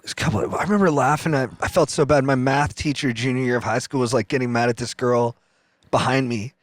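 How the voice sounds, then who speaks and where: A man's voice: medium pitch, fairly even intonation, fast, no echo. A man talking casually as a podcast guest and comedian, chatty and agreeable, chiming in with short replies. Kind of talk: casual storytelling chat.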